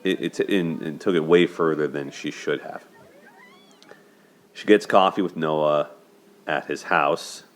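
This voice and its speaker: A man with a very deep voice speaks a little slowly, leaving long pauses, as he casually unpacks a movie's romance. He hosts a dating and movie commentary show, keeping things chatty, often asking "right?" and laughing.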